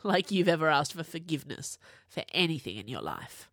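A woman voicing a young male wizard who is hurt and subdued, speaking low and gently with a wry edge. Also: very animated, a little fast, dry recording, clean studio sound, heavily acted. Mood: dry.

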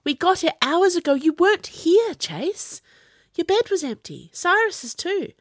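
A woman's voice: fairly high pitch, sing-song, a little slow, no room sound, clean studio sound, pitched above the performer's own voice. A woman reading as a fierce, worried young woman who insists and demands answers.

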